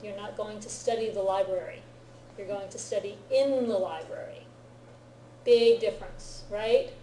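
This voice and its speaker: A woman's voice: medium pitch, moderate pace, dark tone, slight background noise. A woman teaching a Japanese grammar lesson to a class, often checking understanding with "right?" and "okay?". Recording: roomy classroom echo.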